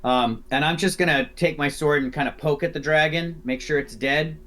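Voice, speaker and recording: A man's voice: on the high side, moderate pace, sharp tone. A man playing in an online tabletop game, chatting casually and thinking his moves through aloud with many ums.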